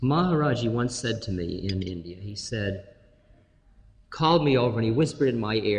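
A man's voice: lowish voice, animated, normal speed. Man, spiritual lecturer, amused storyteller, recorded in a hall with long reverb. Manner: wry, laughing, musing, playful asides. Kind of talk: storytelling talk.

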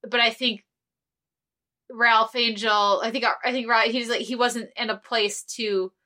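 A woman's voice: on the high side, fairly even intonation, measured pace, pushed and bright. A woman co-hosting a podcast in casual chat, rambling and earnest with lots of fillers and restarts. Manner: earnest, easily moved. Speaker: podcast co-host.

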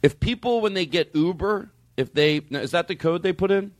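A comedian and podcast host, a man of middling pitch, talks in a loose and rambling way, and his voice leaps up and down as he goes. The room is dry, with no echo around him. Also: animated. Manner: loose, rambling, quick swings up in pitch when riled. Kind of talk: casual chat.

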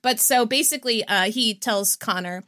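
A woman's voice: fairly high pitch, moderate pace, pushed and bright, dry recording, clean studio sound. A woman co-hosting a podcast, chatting casually with many fillers and frequent laughter. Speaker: podcast co-host. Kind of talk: casual chat.

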